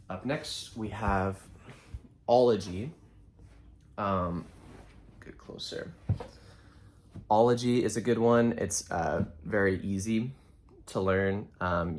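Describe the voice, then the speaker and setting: A man teaching a casual language lesson, thinking aloud with frequent ums and self-corrections. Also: low-pitched. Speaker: Spanish teacher.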